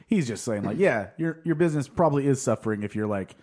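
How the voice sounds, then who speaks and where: A man's voice: medium pitch, lively intonation, quick pace, a little mellow. A young man from Oklahoma in casual podcast chat, laid-back, laughing often and swearing. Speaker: podcast co-host.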